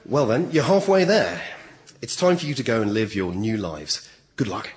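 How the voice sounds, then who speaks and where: A man's voice: lowish voice, animated, moderate pace, natural voice. A man playing a dry, matter-of-fact witness protection officer in a radio comedy sketch.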